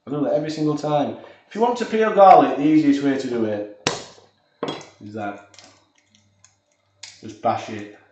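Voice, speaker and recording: A man's voice: mid-range voice, normal speed, long pauses, a little mellow, a little hiss or hum. A man with a Yorkshire accent hosting a casual cooking livestream, rambling and talking to himself as he searches his kitchen. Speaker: livestream cook. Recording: very echoey, off-mic, dull sound.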